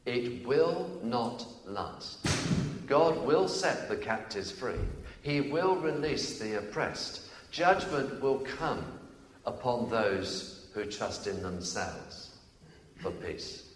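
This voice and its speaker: A man preaches a sermon with a lively, swinging delivery, his voice rising on declarations and dropping into quick asides. His pitch sits in a middle register. The recording carries the long reverb of a roomy church hall. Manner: animated, emphatic, swings between loud declarations and quick asides.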